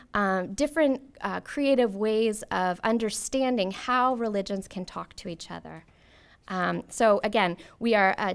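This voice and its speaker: Chatty woman host with frequent ums. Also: medium pitch. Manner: warm, self-deprecating, many ums. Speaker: event host introducing a speaker. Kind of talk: lecture introduction read from notes. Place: lecture hall at a podium.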